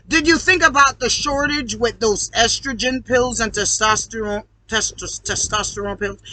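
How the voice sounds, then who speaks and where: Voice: high-pitched, pushed and bright, poor audio. A speaker in a heated, profane ranting monologue, preaching at the audience and swearing constantly. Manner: calls the audience "y'all". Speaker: online video host.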